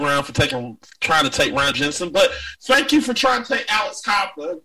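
Animated, ranting man, high voice. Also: moderate pace, few pauses, far from the mic, poor audio. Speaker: podcast co-host. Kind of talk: casual sports chat.

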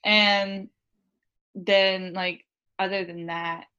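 A woman co-hosting a casual chat about a show, talking in a chatty, animated way and acting out lines of dialogue. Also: mid-range voice, extremely slow, smooth, dull audio. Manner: chatty, animated, lots of "like" and quoted voices. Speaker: podcast co-host.

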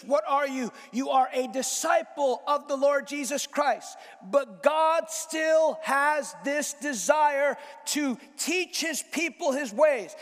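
A man preaches with a strikingly high voice, reading passages and then driving points home with repeated, shouted phrases. His voice rings through a large hall, trailing a long echo. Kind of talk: sermon.

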